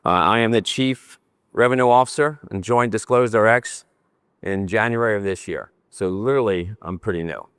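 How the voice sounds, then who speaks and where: Older man, lowish voice, joking conference presenter, dry close sound. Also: normal speed, clean tone, no echo. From New Jersey. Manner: animated, joking, speaks with his hands. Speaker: conference speaker. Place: conference session room.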